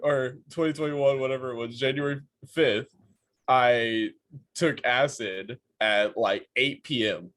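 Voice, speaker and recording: Chuckling, animated podcast co-host man. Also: medium pitch, measured pace. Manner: laughing, animated storyteller. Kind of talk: casual podcast banter.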